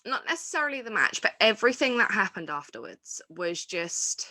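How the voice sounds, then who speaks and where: A woman's voice: mid-range voice, very animated, normal speed, hardly any pauses, sharp tone, no echo. A woman hosting a wrestling review show, chatting casually and enthusiastically, rambling with restarts and fillers. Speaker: wrestling podcast host.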